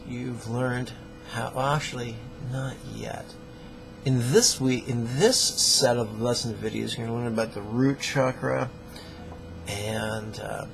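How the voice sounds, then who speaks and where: A male meditation teacher with a gravelly, creaky voice, leading a guided lesson with jokes and plain talk. Faint music plays behind him. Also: mid-range voice, rough recording. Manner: playful, joking, plainspoken.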